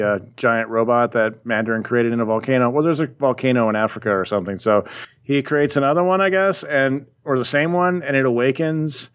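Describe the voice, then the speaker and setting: A man's voice: mid-range voice, clean tone. A man in casual chat, animatedly retelling a comic book plot and briefly voicing its characters. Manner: rambling, animated retelling with quick voices for characters. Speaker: podcast co-host recapping a comic.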